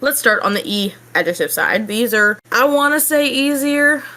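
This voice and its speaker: A woman teaching a casual online language lesson, explaining in a relaxed, chatty way with casual fillers. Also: a little high, normal speed.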